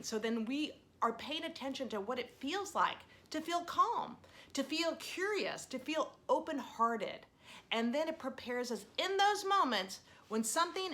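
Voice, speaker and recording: A woman teaching children mindfulness, guiding slow counted breaths and telling a story in a gentle, animated way. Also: high voice. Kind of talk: guided breathing and lesson for children.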